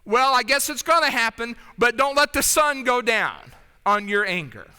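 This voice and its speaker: A man preaching with a very high, very bright voice that is smooth and clear. He talks conversationally and keeps checking in with his congregation. A long reverb trails behind him in a church hall. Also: very animated, moderate pace. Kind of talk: sermon. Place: church sanctuary.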